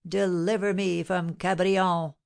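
A woman's voice: on the low side, flat delivery, slow pace, creaky, darkish tone. A woman voicing a mournful, timid middle-aged male porter who moans in a dolorous voice. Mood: doleful. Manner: moaning, dolorous.

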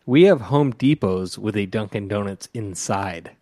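A man chatting casually on a podcast, teasing and quick to laugh. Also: on the low side, expressive, warm tone, no room sound, studio quality. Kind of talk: casual chat.

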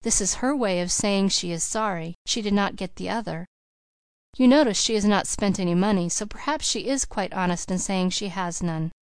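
Composed, kindly mentor woman, measured and gentle, read by a woman. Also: mid-range voice, smooth, dry recording, natural voice. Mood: reassuring.

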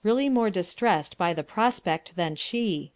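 A woman's voice: medium pitch, lively intonation, unhurried, dry recording. A woman reading stage directions aloud in a plain, matter-of-fact audiobook manner.

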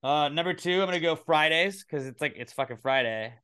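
Smooth-voiced man hosting a podcast. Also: a little high, fairly quick, sharp tone. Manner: loose and rambling, swears casually. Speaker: podcast host. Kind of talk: casual comedy podcast chat.

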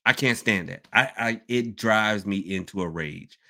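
A man hosting a casual podcast Q&A, rambling and animated, swinging between loud outbursts and low mutters. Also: measured pace, creaky. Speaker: podcast host. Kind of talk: casual live Q&A chat.

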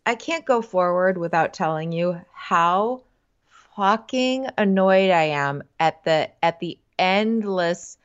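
A woman's voice: lowish voice, slow pace, smooth, highs cut off. A woman co-hosting a podcast, ranting in an exasperated, sarcastic and swearing way in casual chat. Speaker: podcast co-host.

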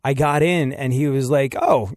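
A man hosts a talk radio show and tells a story in a loose, animated way, laughing often as he goes. His voice sits in a middle register. The studio sound is dry and close. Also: mid-range voice, a little fast, no room sound. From United States. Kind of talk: casual talk radio monologue.

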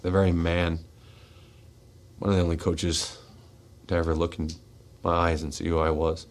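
A middle-aged man hosting a radio show, speaking in a raw, confessional monologue, tearful and shaky, swinging between forceful outbursts and hushed words. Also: sits low, level tone, normal speed. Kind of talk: emotional personal monologue. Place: radio studio.

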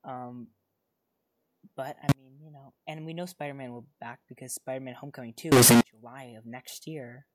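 Excitable rambling podcast co-host. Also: mid-range voice, normal speed, very noisy. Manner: excitable, rambling with many fillers and restarts. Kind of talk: casual chat.

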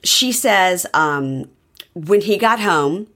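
A woman with a low voice chats casually as a podcast co-host. She retells what happened in an animated way and acts out the quotes as she goes. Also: takes it slowly. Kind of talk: casual chat recapping a reality show.

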